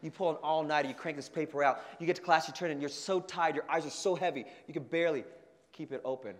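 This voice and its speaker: A man giving an energetic motivational talk to a student leadership conference, telling stories and acting out the voices. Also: fairly high pitch, fast talker. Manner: energetic storytelling with acted-out voices. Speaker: keynote speaker. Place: large conference hall. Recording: long hall reverb.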